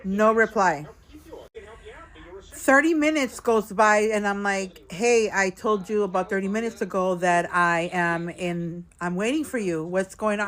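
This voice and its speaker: A slightly tipsy woman talks into her phone camera from a hotel room, venting in a loose, chatty way. She keeps addressing her viewers as girl and y'all. The voice sits at a middling pitch. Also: unhurried, a bit bright. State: a little tipsy. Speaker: vlogger. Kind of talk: casual storytime vlog.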